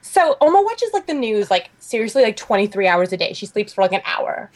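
A young woman co-hosting a podcast. She tells a story in an animated, chatty way and fills it with "like.". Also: medium pitch, a little fast, a little hiss or hum. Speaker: podcast co-host. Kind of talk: casual chat.

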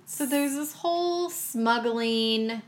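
A woman co-hosting a casual book podcast, relaxed, adding dry asides. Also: a little high, takes it slowly. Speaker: podcast co-host. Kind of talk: casual book-review chat.

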